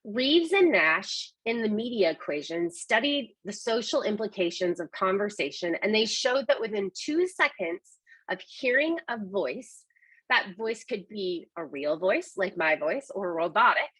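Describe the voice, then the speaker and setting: A woman's voice: mid-range voice, expressive, unhurried, a bit bright, breathy edge, no room sound, poor audio. A woman presenting a webinar on conversation design, explaining points with emphasis. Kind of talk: scripted presentation.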